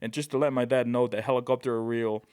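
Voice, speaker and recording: Animated man from Tonga, telling stories. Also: medium pitch, fast talker. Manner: animated, excitable, peppers speech with "right?" and "bro". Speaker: podcast guest. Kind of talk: casual storytelling.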